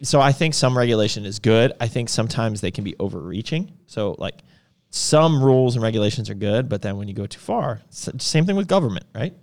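A man co-hosting a casual podcast, talking in a relaxed, rambling way with lots of fillers. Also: mid-range voice, fairly quick. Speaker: podcast co-host, supplement store owner.

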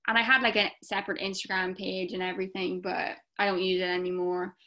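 A woman's voice: on the low side, flat delivery, fairly quick, sharp tone. Chatty young Irish woman. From Ireland. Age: young adult. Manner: chatty, many fillers, acts out comments in quoted voices. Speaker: guest content creator. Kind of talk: casual podcast chat.

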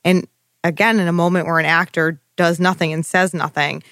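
A woman's voice: on the low side, steady tone, fairly quick, a bit bright, no echo, clean studio sound. A woman co-hosting a casual recap chat, chatty and emphatic, with lots of 'like' and crude jokes. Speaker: podcast co-host.

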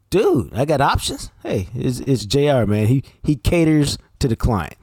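A man's voice: medium pitch, huge pitch swings, a little slow, hardly any pauses, darkish tone, slightly rough, no echo, studio quality. A man co-hosting a sports podcast, talking bluntly and emphatically with plenty of slang. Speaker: podcast co-host. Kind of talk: casual sports talk and ad reads.

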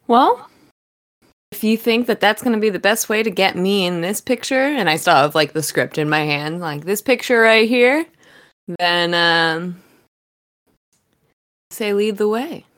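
A woman's voice: mid-range voice, lively intonation, unhurried, pauses often, fairly bright tone. A woman playing a sassy bunny showgirl. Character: flirtatious female bunny showgirl. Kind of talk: tabletop role-play.

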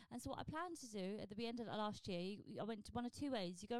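A woman's voice: medium pitch, fast talker, few pauses, no room sound. Blunt, sweary woman comic in her forties. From southern England. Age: 40s. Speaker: stand-up comedian and podcast host. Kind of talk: casual solo podcast monologue.

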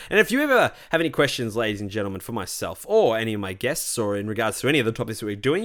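Animated ranting man hosting a podcast. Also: fairly low pitch. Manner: animated, ranting, addresses listeners as ladies and gentlemen. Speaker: podcast host. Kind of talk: solo podcast monologue.

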